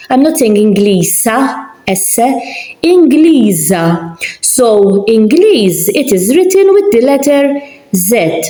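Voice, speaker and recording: Slow, patient woman teaching in an echoey room. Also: sits high, dark tone. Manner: patient, repeats words slowly and deliberately. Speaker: language teacher. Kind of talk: slow spelling lesson with examples.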